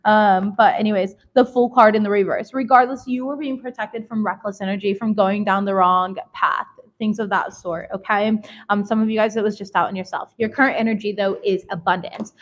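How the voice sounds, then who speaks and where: A woman's voice: medium pitch, steady tone, fairly quick. A woman in her thirties giving a casual tarot reading, candid and emphatic, swearing freely and calling her viewers baby. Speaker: tarot reader.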